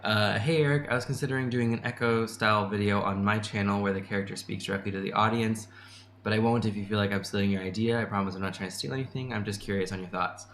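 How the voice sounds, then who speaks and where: Low-voiced man chatting in an echoey room. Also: fairly even intonation, quick pace, fairly bright tone, slight background noise. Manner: chatty, laughs often, restarts sentences. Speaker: channel host answering chat. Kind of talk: casual livestream chat. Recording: echoey room with faint ambience.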